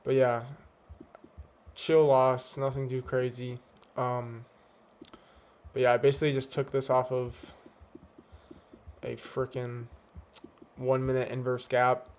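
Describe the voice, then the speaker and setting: A man's voice: medium pitch, monotone, slow pace, long pauses, darkish tone, clear, resonant tone. A young man giving a laid-back, slangy recap of his trading day, talking with a slight lisp from teeth whitening strips. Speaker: day trader. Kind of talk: casual trade recap. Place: home at night.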